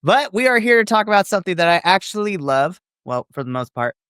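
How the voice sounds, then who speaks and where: A man hosting a casual wrestling review podcast, playful and jokey with quick asides. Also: high voice, big pitch swings, fairly bright tone, smooth, dry recording, studio quality. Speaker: podcast host.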